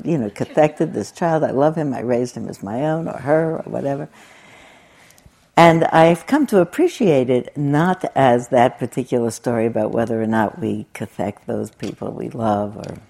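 A woman's voice: rumbling low, dark tone, slightly rough. An older woman giving a conversational, reflective dharma talk as a meditation teacher. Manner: conversational and reflective, with laughing asides.

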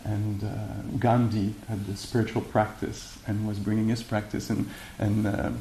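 Halting low-voiced male meditation teacher. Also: level tone, mellow. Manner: halting, many fillers and restarts. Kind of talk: dharma talk and Q&A. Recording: echoey room with faint hiss.

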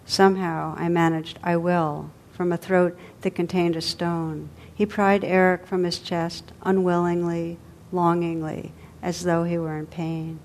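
A woman meditation teacher telling a story to a group in a gentle, unhurried way, her voice softening at the ends of phrases. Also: lowish voice, flat delivery, a little hiss or hum. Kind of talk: storytelling in a dharma talk.

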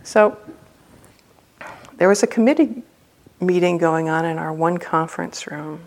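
A meditation teacher with a fairly low voice speaks at a measured pace during a dharma talk at a retreat center. She tells a personal story with humor, keeping it loose and conversational.

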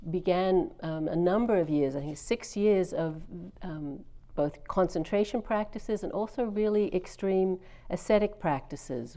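A middle-aged woman teaches at a meditation retreat, telling the story in a relaxed, conversational way with small fillers and restarts. Her voice sits a little low and sounds warm and mellow, and she speaks like a teacher giving a dharma talk.

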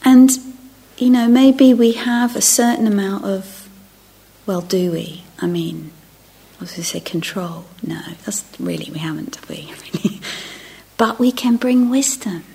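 A woman's voice: medium pitch, unhurried, creaky, dark tone, husky. A middle-aged woman giving a reflective dharma talk as a meditation teacher. She often drops to a near-whisper and restarts her phrases. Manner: self-interrupting, restarting phrases. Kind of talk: dharma talk to a retreat group.

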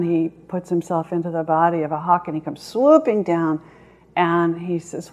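A woman meditation teacher gives a dharma talk to sitting students. Her voice is low, and her delivery is slow and measured, with long pauses between phrases. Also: darkish tone.

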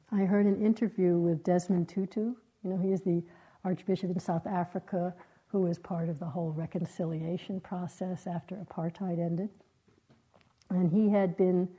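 A woman meditation teacher giving a dharma talk in a gentle, reflective way, with halting, searching phrases. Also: lowish voice, breathy edge, poor audio. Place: meditation hall.

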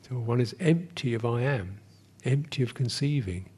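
A man giving a meditation retreat dharma talk as a Buddhist teacher, speaking in slow, halting phrases with many pauses and sometimes dropping to a soft whisper. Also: mid-range voice, animated, slightly rough.

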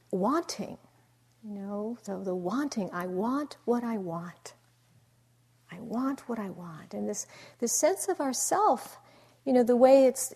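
A middle-aged woman meditation teacher giving a dharma talk in a reflective, unhurried way, dropping into soft asides. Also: on the high side, husky.

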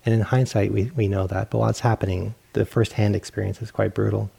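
A man's voice: fairly low pitch, little pitch movement, quick pace, creaky, mellow, husky. A male meditation teacher giving a dharma talk, telling a personal story in a self-mocking way and acting out his own inner voice.

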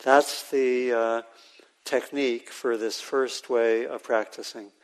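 A man leads a guided meditation session, his medium-pitched voice unhurried and halting, with many pauses and fillers. He speaks to a group in a meditation hall, and the sound carries a long reverb. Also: fairly even intonation, clear, resonant tone. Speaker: meditation teacher.

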